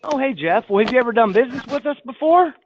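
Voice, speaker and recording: A man's voice: extremely high pitch, expressive, quick pace, a little hiss or hum. A man, a sales trainee, doing phone role-play practice and speaking hesitantly with "uh" fillers. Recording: tinny phone-like line.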